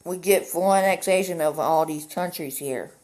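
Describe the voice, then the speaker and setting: A man's voice: fairly high pitch, moderate pace, a little mellow. A male gamer at home giving casual commentary on a strategy map game, rambling and easily sidetracked, with lots of "like.". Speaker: gaming commentator.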